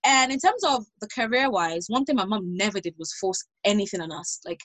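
A woman's voice: medium pitch, expressive, brisk, a bit bright, no echo. A young woman in casual chat with friends, talking in a chatty way with many restarts and fillers. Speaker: panel guest.

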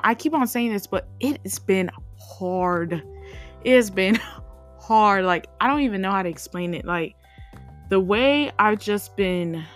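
A young woman talks through a personal story on her faith podcast, rambling and full of fillers. Her pitch sits in an ordinary middle range. Faint music plays quietly behind her. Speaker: podcast host. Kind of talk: casual faith podcast monologue.

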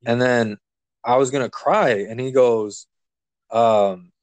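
A man's voice: medium pitch, slow pace, dry recording. A man telling a personal story in casual chat, acting out the voices of the people in it. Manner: animated, acts out quoted dialogue. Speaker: guest telling a life story.

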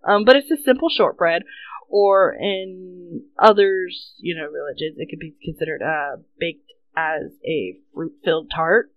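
A woman's voice: on the low side, a little slow, phone-quality sound. A woman co-hosting a casual podcast, giggly, explaining things loosely with many fillers. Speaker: podcast co-host. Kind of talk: casual chat.

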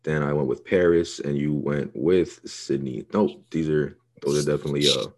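A man's voice: a bass voice, moderate pace, a little mellow. A young man, co-hosting a podcast, hyped and swearing often as he talks up his picks. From New York. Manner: profane, hyped, swaggering. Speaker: podcast co-host. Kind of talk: casual podcast banter.

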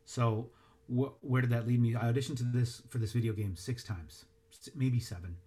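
A man who is a voice actor and dialect coach, answering interview questions in a reflective, halting way with many restarts. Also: mid-range voice, fairly even intonation, mellow.

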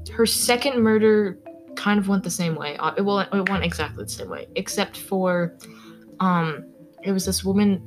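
A young woman hosts a laid-back true-crime podcast, chatting through the story with constant fillers. She trips over names as she goes. Faint music sits under her voice. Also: mid-range voice. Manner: rambling, filler-heavy, stumbles over names. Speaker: podcast host. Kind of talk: casual true-crime chat.

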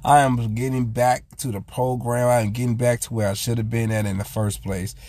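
A man's voice: mid-range voice, level tone, a little fast, a little mellow, dry recording. A man hosting his own vlog, talking earnestly and casually about raising his son, often retelling what he said with "I said". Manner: earnest, repeats "I said" while retelling talks. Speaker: vlog host. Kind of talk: casual heartfelt monologue.

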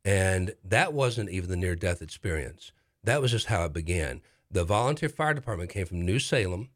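A middle-aged man hosting a talk show, telling a dramatic story in a casual, animated way with repeated phrases for effect. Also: low-pitched, moderate pace.

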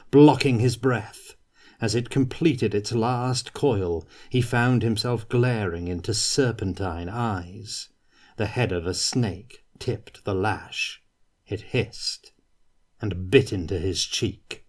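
A man reading a fantasy novel aloud in a measured, dramatic way. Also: fairly low pitch, a little mellow. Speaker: reader.

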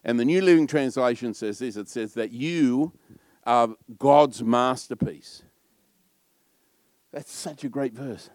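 A middle-aged man with an Australian accent, a pastor preaching a sermon in a loud, warm storytelling manner. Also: medium pitch, takes it slowly, no room sound.

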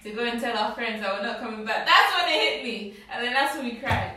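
A woman's voice: a little high, a little fast, crowd noise. A young woman casually recounting a story, laughing as she talks. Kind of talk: casual chat. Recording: echoey room, mic at a distance.

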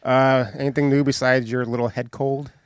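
A man's voice: medium pitch, normal speed, smooth, no echo, clean studio sound. A man co-hosting a podcast, chatting casually and joking around. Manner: joking, animated, laughs often. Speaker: podcast co-host. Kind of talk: casual chat.

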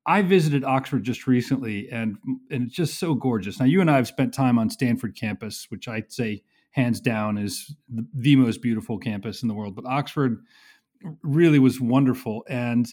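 A man's voice: medium pitch, moderate pace, a little mellow. A man hosting an interview, asking prompting questions in a casual, conversational way. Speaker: interviewer, host.

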